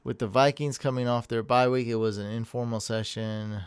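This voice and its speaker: Casting: man, podcast host, energetic, rambling, smooth voice, dry close sound. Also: mid-range voice, moderate pace, dry recording. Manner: energetic, rambling, laughs at himself. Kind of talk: casual chat.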